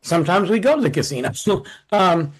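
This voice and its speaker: Brief: man, 40s, podcast co-host, casual storytelling, bouncy high delivery, acts out quotes. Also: fairly quick, husky, poor audio. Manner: animated, acts out quotes with shifting voice.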